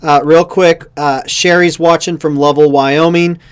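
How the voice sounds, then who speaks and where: A man's voice: on the high side, steady tone, measured pace, clean tone. A man in his thirties hosting a casual show, upbeat as he reads out viewer comments. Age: 30s. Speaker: show host.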